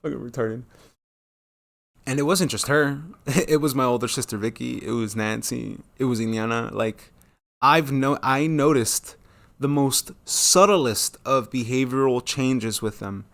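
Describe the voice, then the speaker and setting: A man's voice: measured pace, creaky, a bit bright. A man in his thirties talking casually and profanely on his own, rambling and losing his train of thought, and acting out quoted lines in a jumpy, rising voice. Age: 30s. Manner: acts out quoted dialogue with sudden high jumps in pitch. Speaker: solo talk channel host. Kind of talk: casual monologue.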